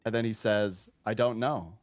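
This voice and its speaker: A man's voice: fairly low pitch, normal speed. A man, a teacher, telling a story in casual chat, acting out both sides of the conversation. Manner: animated, acts out both sides of a dialogue. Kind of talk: casual storytelling on a live stream.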